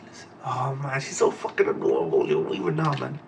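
Gravelly man, emotional reaction. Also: medium pitch, big pitch swings, brisk, background noise. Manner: emotional, profane, ends phrases with "man". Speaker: anime and manga reaction host. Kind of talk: live reading reaction commentary.

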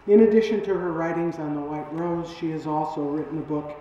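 A man formally introducing a guest speaker at a lecture, halting and with many fillers. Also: a little high, steady tone, warm tone, far from the mic, slight background noise. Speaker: event host introducing the speaker. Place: large lecture hall. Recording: echoey, dull hall recording from off-mic.

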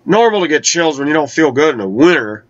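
A man telling a personal travel story in a conversational way, slowing down to draw out key words. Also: fairly high pitch, very animated. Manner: conversational, with slow, drawn-out emphasis. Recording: dull lo-fi recording.

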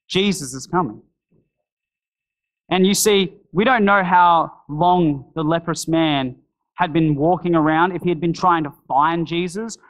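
A man's voice: on the high side, a bit bright, poor audio. A man preaching a sermon in a church, earnest and pleading, voicing prayers to God along the way. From Australia.

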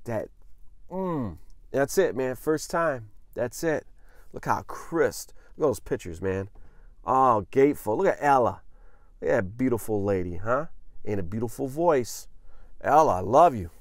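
An enthusiastic man talks casually through a vinyl unboxing, gushing and peppering every phrase with "man." His voice sits at an ordinary middle pitch. The sound is close and dry, with almost no room echo. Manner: enthusiastic, effusive, says "man" constantly.

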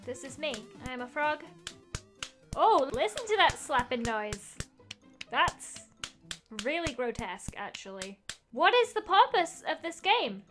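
A woman's voice: sits high, a bit bright. A young woman giving giggly, exclamation-filled let's-play commentary as a gaming YouTuber, talking to the game as she plays.

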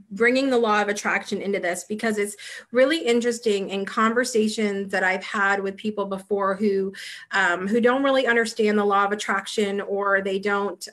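A woman hosts an interview in a chatty, friendly way. She laughs easily and asks long, halting questions full of fillers. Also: mid-range voice, a bit bright. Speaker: host.

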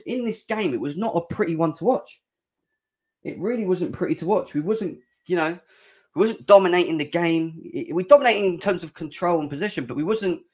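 A young man hosting a live fan reaction show, excitable and slangy, often shouting and joking. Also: fairly high pitch. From England. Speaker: fan channel host.

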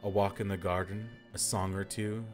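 A man's voice: lowish voice, little pitch movement, normal speed, faint music behind, lightly acted. A man reading as an icy proud noblewoman. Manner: icy, clipped. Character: proud cold noblewoman, guarded.

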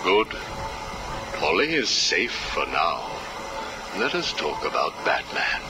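Game villain psychiatrist: very low, slow, coldly menacing, lively inflection, music bed. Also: male voice, heavily acted. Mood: menacing calm. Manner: slow, measured, coolly menacing interrogation. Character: cold calculating male villain psychiatrist, middle-aged. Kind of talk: video game cutscene acting. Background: background music.

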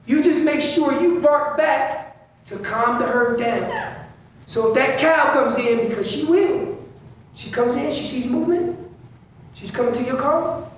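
A man's voice: very high voice, measured pace, long pauses. A man giving an informal elk-calling seminar in a large indoor store space. He repeats key phrases, voices what the elk are thinking, and uses casual slang. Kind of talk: informal hunting seminar talk. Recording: echoey room, speaker far from mic, faint hum.

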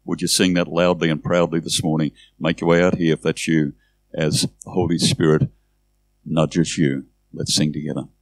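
A man's voice: a bass voice, little pitch movement, normal speed, no room sound. A male pastor leading the church into a song and altar call, earnest and inviting, repeating phrases for emphasis.

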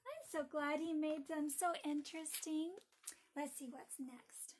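A woman teaching Sabbath School, reading a bedtime story aloud to children in an expressive, storytelling way. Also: high voice, unhurried, a little hiss or hum.

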